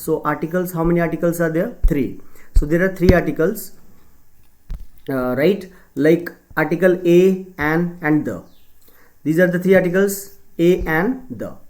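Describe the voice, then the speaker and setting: A male teacher giving an exam-prep grammar lesson, talking with many fillers and frequent tag questions. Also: on the high side. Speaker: English teacher.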